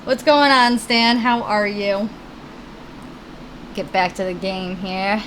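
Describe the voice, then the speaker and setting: A woman's voice: mid-range voice, fairly even intonation, slow pace, background noise. A woman live-streaming a video game in casual chat, talking with viewers and her puppies at her computer. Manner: chatty, talks to her puppies between game lines.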